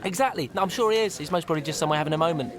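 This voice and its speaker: A man's voice: a little high, very fast, music in the background, close to an everyday voice. A man playing a stammering, awkward wedding guest. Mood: distracted. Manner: stammering, hesitant, nervous laughs. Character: awkward rambling man at a wedding, fumbling and overeager. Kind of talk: radio comedy monologue.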